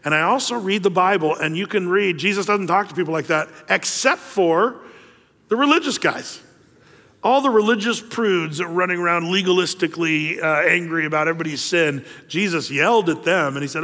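Guy preaching like he's just telling a story, umms everywhere, voice a bit high, big echoey church hall. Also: a little fast, fairly bright tone. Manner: conversational, storytelling, many fillers and restarts. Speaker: pastor. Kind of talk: sermon. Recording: long hall reverb.

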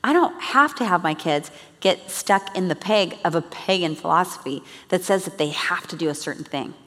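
A woman's voice: on the low side, expressive, normal speed, a bit bright. A woman giving an earnest, chatty church teaching talk to a congregation. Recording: long reverb of a large hall.

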